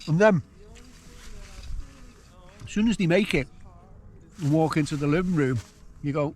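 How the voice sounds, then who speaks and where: A man's voice: fairly high pitch, moderate pace, long pauses, a little mellow. A man chatting and musing aloud while he cooks and camps alone on a hilltop. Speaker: outdoor vlogger. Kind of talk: casual solo camping vlog. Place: hilltop wild camp outdoors.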